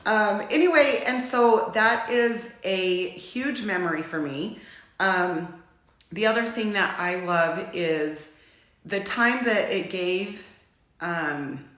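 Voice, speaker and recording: A middle-aged woman from Utah hosting a casual livestream, chatting in a warm, rambling way and getting teary. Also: mid-range voice, takes it slowly, echoey room. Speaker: livestream host.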